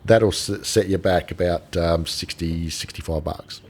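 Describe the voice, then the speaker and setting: A man's voice: deep voice, a little slow, slight background noise. A middle-aged Australian man, a gold dealer, chatting on a podcast and telling stories with acted-out voices. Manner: animated storyteller, acts out quoted voices. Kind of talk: casual podcast chat.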